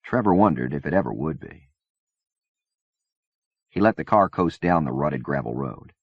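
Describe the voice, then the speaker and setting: A man reading a novel aloud in measured, even scripted narration. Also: a bass voice, husky, no room sound. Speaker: audiobook reader. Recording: dull dry cassette-era recording.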